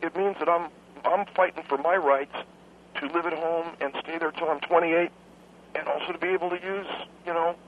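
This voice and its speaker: A man's voice: on the high side, slight background noise. A young adult man calling in to a radio show, cheeky and rambling, stumbling over his words. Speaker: radio caller. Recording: tinny phone line.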